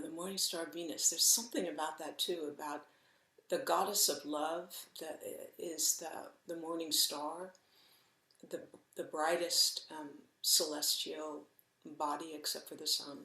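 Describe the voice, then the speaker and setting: A middle-aged woman gives a Zen dharma talk at an unhurried pace, her lowish voice carrying a gravelly edge. She speaks gently and reflectively, with soft pauses. The room around her is echoey. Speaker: Zen teacher.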